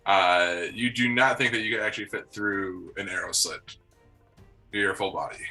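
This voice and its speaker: A man narrating a tabletop game as game master, halting with many ums and uhs. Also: low voice, steady tone, pushed and bright, faint music behind, poor audio.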